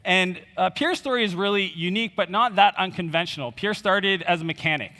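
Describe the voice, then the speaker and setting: A man's voice: sits high, brisk, bright, forceful tone. A man giving a conference keynote, telling a personal story in a conversational way, with fillers and quoted dialogue. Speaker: conference speaker. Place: conference stage in a large hall. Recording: reverberant hall.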